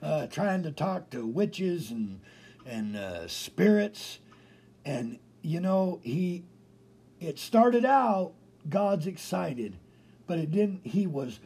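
A man preaching a broadcast sermon as pastor, animated, repeating phrases for emphasis. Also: sits high, creaky, husky.

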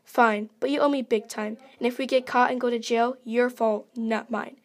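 A woman voicing a young sister who is reluctant and easily scared, her fairly high voice carrying a nervous edge. She keeps a plain, storybook reading tone. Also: steady tone, normal speed, close to an everyday voice. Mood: refusing. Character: girl, the narrator's anxious sister.

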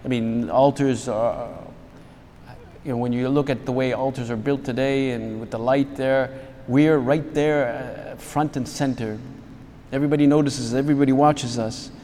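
A man, a priest, gives a reflective spiritual talk to fellow priests in a voice of ordinary middle pitch. He pauses to search for words and restarts his phrases. His voice carries with a long reverb, as in a large hall. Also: steady tone, warm tone, a little hiss or hum.

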